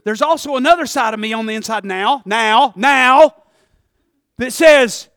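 A man preaching a sermon as pastor, swinging from soft asides to shouted calls of "Amen?". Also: very high voice, lively intonation, moderate pace, dry recording, clean studio sound.

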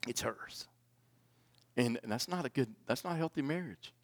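A man's voice: animated, fast. Man preaching a personal testimony. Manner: swings from loud pleading to hushed and low. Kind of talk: sermon testimony.

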